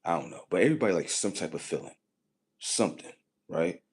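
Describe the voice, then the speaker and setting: Low husky man rambling on a livestream. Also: animated, fast. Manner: rambling, repetitive and profane, drifting between muttering and loud emphasis. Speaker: livestream host. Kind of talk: casual livestream monologue.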